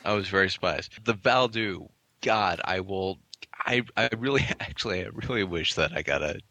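A man's voice: deep voice, moderate pace, bright, forceful tone, dry recording. A man co-hosting a casual chat about beer, laughing often and trailing off into restarts. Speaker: podcast co-host reviewing beer.

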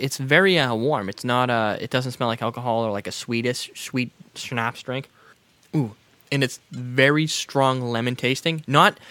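Man, mid pitch, very lively intonation, excitable, crude humor, dry close sound. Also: dry recording. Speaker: co-host tasting liqueur. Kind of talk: casual chat.

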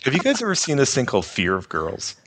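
A man co-hosting a casual podcast, making relaxed, rambling comments. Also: medium pitch, fast talker, husky, dry recording. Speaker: podcast co-host.

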